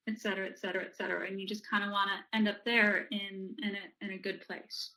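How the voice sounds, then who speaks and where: A woman presenter and author teaching a calming technique in an energetic way, often checking in with "right?". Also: mid-range voice, fast talker, hardly any pauses, rough recording. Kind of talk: instructional presentation.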